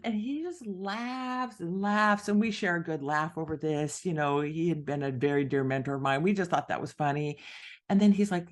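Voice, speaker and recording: A woman's voice: sits low, normal speed. A middle-aged woman, an author and podcast guest, telling a story in conversation and acting out the voices of the people in it. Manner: animated, acts out quoted voices.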